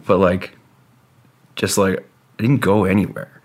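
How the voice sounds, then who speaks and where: Low-voiced guy rambling through a story, lots of "like" and cussing, super casual. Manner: rambling, halting, heavy with "like" and swearing.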